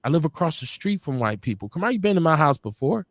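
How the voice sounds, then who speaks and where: A man's voice: on the high side, very animated, fast talker, no room sound, clean studio sound. A man co-hosting a live-stream talk show, talking casually with a blunt, profane, laughing manner. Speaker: podcast co-host. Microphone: streaming call.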